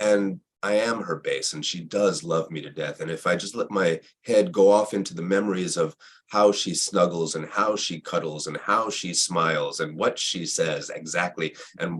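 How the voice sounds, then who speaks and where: A man in a reflective spiritual conversation who repeats phrases and asks himself rhetorical questions, with a husky voice. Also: sits low, moderate pace, a bit bright.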